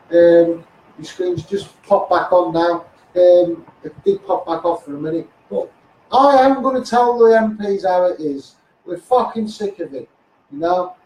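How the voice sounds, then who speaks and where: A warm, high-pitched man with a Liverpool accent delivers a sweary Facebook live rant, again and again breaking off to address his viewers. He presents himself as an activist, and his phone captures him from a distance in a room with lots of echo.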